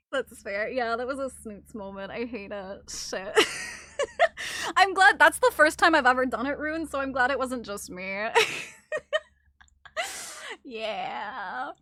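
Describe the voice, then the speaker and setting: A woman's voice: on the high side, slow pace, long pauses, sharp tone, dry recording, studio quality. A young woman streaming a video game, chatting casually to her viewers, giggly and self-mocking, swearing freely. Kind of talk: casual gaming stream chat.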